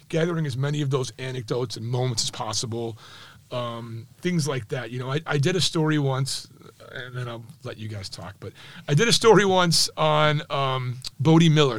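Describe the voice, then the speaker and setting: A man, a sports journalist, telling anecdotes in a podcast interview in a lively, chatty way, with many asides like "right?". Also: fairly high pitch, no room sound. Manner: animated, chatty, full of "like" and "right?".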